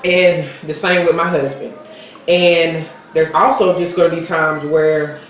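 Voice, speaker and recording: A woman co-hosts a casual mukbang vlog, chatting and talking directly to her viewers. Her voice is low, fairly even in intonation, and a little slow. The room is very echoey, with faint background noise.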